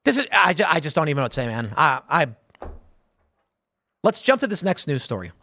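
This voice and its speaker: A thirty-something man hosts a live-stream show, offering casual, rambling commentary with frequent restarts and a conversational feel. His voice runs a little high with big pitch swings, brisk, creaky, pushed and bright.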